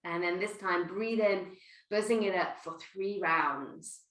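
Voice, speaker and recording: A woman teaching a guided breathwork class, giving gentle, playful instructions. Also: lowish voice, measured pace, reverberant, rough recording. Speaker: yoga teacher.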